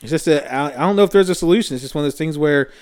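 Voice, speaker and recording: A man's voice: fairly high pitch, very fast, a little mellow, clear, resonant tone. A man co-hosting a podcast, chatting casually and venting about home life with wry humor. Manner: vents with humor, mimics his wife. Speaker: podcast co-host. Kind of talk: casual chat.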